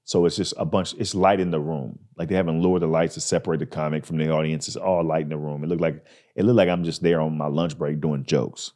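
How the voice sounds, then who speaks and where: A man hosting a podcast, telling a story in a casual, animated way and acting out the people in it. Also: extremely low pitch, fast talker. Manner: animated, acts out people in his stories. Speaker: podcast host.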